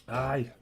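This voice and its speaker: A gravelly, mid-range male voice carries a Northeast England accent as he hosts a relaxed live stream, bantering and ribbing viewers in a wandering way. There's a slight hiss or hum on the recording.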